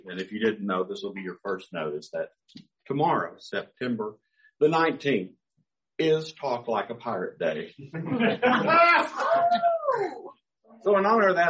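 A man's voice: mid-range voice, fairly bright tone, low-quality recording. A man preaching a sermon as pastor, talking conversationally with dry humor.

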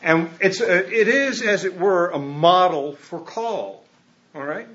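A male pastor preaching a lively, conversational sermon at a church service, full of casual asides. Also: sits high, unhurried. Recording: muffled lo-fi recording.

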